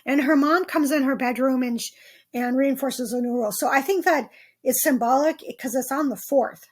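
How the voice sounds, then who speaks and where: A female podcast host, who is not 27, rambles casually through her dream notes in a monologue full of ums and restarts. Her voice sits high, and she talks at a moderate pace.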